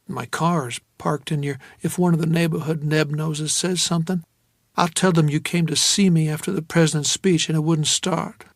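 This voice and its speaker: A tender, anxious young woman, as a male narrator gives her voice in an audiobook. She talks softly and quietly, close and intimate, in a fairly high register. The recording is dry and close. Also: fairly even intonation, normal speed, dry recording, lightly acted.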